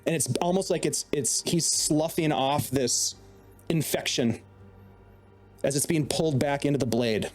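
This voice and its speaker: A man narrating a tabletop game as dungeon master, with measured, descriptive delivery. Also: on the high side, faint music behind.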